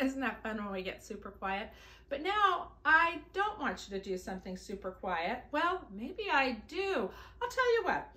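A woman's voice: sits high, big pitch swings, normal speed, pushed and bright, echoey room. A woman leading a children's singing lesson, talking in an upbeat, coaxing way straight to young children. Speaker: children's singing time leader. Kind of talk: teaching children songs and scripture.

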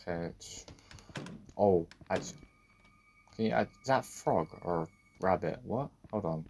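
A man giving a let's-play commentary on a horror game, talking to himself, swearing and breaking into sudden loud outbursts. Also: deep voice, a little slow, a little hiss or hum. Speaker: gaming video creator.

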